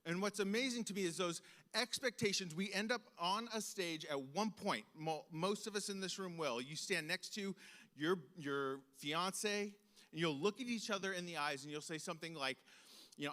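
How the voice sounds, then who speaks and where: A young man with a high, bright voice tells a story to a large room of students, acting out its voices with animated energy. His voice rings with the long reverb of a big hall. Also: moderate pace. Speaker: speaker to students. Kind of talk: storytelling talk.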